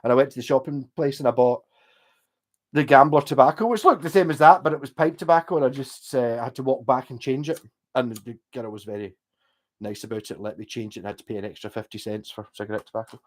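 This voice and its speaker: A Scottish man talks to his livestream audience in a relaxed, wandering way. He drifts from one thought to the next and drops swear words freely, sounding easygoing and unpolished. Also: mid-range voice, fast talker. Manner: swears often, loose and digressive. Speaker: livestreamer chatting with viewers. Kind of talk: casual rambling chat.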